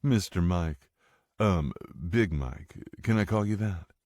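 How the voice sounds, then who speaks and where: A man voicing a nervous, pompous rich husband who keeps trying to smooth things over, in an audiobook. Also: deep voice, slow pace, darkish tone, dry recording, clean studio sound, pitched above the performer's own voice. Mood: nervous placating. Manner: placating, flustered.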